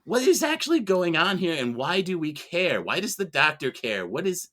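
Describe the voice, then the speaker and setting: A man's voice: a little high, big pitch swings, moderate pace, pushed and bright. A man arguing as a mock prosecutor on a movie podcast, sarcastic and full of rhetorical questions. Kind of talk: comedic mock-trial argument.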